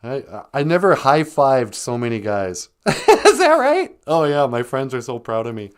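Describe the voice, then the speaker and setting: A man's voice: medium pitch, moderate pace, smooth. A man from Minnesota, hosting a casual live stream, playfully chatting and chuckling as he greets viewers. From north central Minnesota. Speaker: host.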